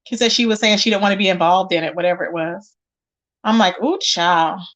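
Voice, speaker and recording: A livestream host with a medium-pitched voice talks quickly, casually chatting with animation. She reads viewers' comments out loud and calls them "child" and "baby."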